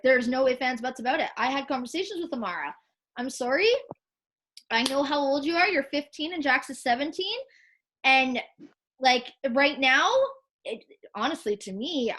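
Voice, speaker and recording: Blunt, high-voiced woman on a video call. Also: fairly bright tone. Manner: blunt, swears often, acts out quotes. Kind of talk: heated casual chat.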